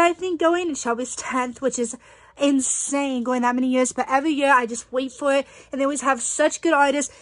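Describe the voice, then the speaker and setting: Young female vlogger, gushing and chatty, high voice, dry close sound. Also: no echo. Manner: bubbly, gushing, many "like" fillers. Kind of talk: casual vlog chat. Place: concert venue, then at home.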